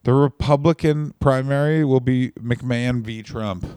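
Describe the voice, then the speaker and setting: A man co-hosting a podcast who jokes emphatically and swears freely. His pitch sits in a middle range. The sound is dry and close. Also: a little slow, warm tone, clear, resonant tone, no room sound. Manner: emphatic, joking, profane. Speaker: podcast co-host. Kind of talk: casual comedic chat.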